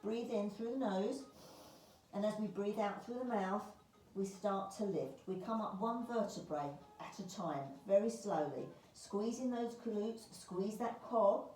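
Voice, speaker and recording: A woman leading a beginners Pilates class, calmly talking students through each movement with the occasional filler. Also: medium pitch, a little slow, a little hiss or hum. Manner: calm step-by-step cueing with fillers. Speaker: Pilates instructor. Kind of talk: guided exercise class. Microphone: camera across the room. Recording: roomy far-off mic with faint ambience.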